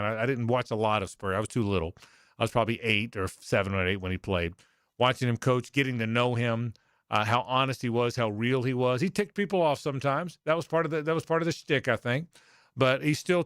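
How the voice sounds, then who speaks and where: A man's voice: medium pitch, a bit bright, clear, resonant tone, dry recording. Rambling male sports radio host, dry studio. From Jacksonville, Florida. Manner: rambling, self-correcting anecdotes with quoted voices. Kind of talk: storytelling on sports talk radio.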